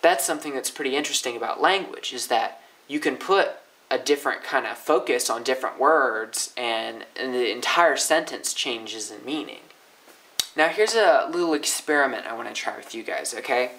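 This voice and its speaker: Young man, upbeat language tutor, chatty, exaggerated pitch swings, close mic. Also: expressive, normal speed, a bit bright, rough recording. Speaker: language teacher. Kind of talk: casual educational explainer.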